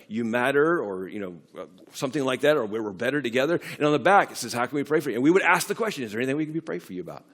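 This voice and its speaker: A middle-aged man preaching a sermon in a church, talking conversationally with frequent restarts and building to emphatic peaks. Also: fairly high pitch. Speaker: pastor. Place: church sanctuary.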